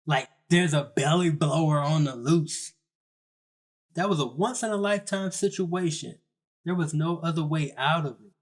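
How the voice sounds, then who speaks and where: A young man with a slightly high voice tells a comic story. His delivery is loose and slangy, and he makes fun of himself as he goes. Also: normal speed. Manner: casual, slangy, self-mocking. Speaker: storyteller narrator. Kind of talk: comedic story narration.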